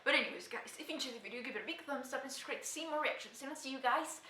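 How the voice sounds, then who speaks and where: A young woman reacting to a TV episode, excitably talking back at the screen and addressing her viewers. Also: high-pitched, very fast, roomy sound, slight background noise. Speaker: reaction vlogger. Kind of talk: casual reaction commentary.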